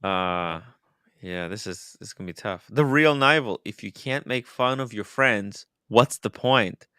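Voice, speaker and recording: A man's voice: lowish voice, unhurried, pushed and bright, clean tone, no echo, clean studio sound. A man hosting a casual livestream chat, playful and exclaiming, laughing often. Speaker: show host.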